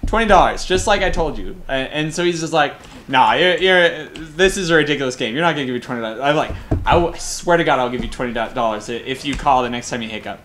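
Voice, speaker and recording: A young man from Colorado, a game caster telling rambling, excited stories between plays in casual chat, with frequent swearing. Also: medium pitch, fast, a little hiss or hum. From Colorado, USA. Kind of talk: casual storytelling during a game broadcast.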